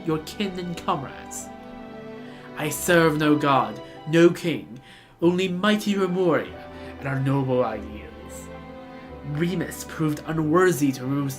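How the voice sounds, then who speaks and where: A grandiose ancient villain who rules a sunken nation and speaks with mild, pompous poshness, as a woman reads him aloud. The voice sits low, with faint music underneath. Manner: mildly posh, pompous.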